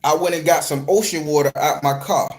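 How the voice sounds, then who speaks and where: Animated man telling a story, voice on the higher side. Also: a little fast. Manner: animated, profane, conversational storytelling. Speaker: spiritual reader and tarot reader. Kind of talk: storytelling vlog.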